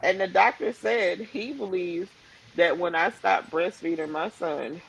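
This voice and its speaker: A young woman with a fairly low, creaky voice speaks unhurriedly in a low-quality recording with a bit of hiss or hum. Chatting casually on a video call live stream, she tells a story as an animated storyteller, acting out the voices of the people in it.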